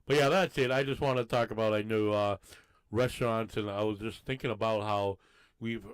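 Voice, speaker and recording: A New man co-hosts a loose podcast chat. His voice sits low and comes through smooth and clear. He rambles along in an easygoing way. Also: fairly even intonation, moderate pace. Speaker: podcast co-host. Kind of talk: casual bar-talk podcast chat.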